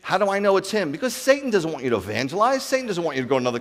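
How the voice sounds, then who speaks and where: A man preaching a sermon as a rabbi, animated, acting out dialogue and asking his congregation questions. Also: high-pitched, very fast, big-room sound. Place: congregation hall.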